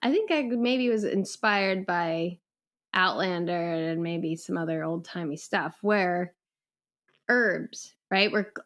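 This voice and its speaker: Brief: slow, hesitant, giggly woman co-host, relaxed chat. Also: fairly low pitch. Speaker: podcast co-host. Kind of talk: casual chat.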